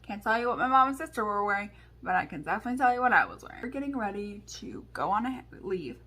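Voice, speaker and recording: A woman's voice: mid-range voice, animated, quick pace, pushed and bright. A young woman vlogger telling a story and doing a makeup tutorial, with chatty talk full of fillers. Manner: chatty, filler-heavy with many "like"s. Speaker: beauty vlogger.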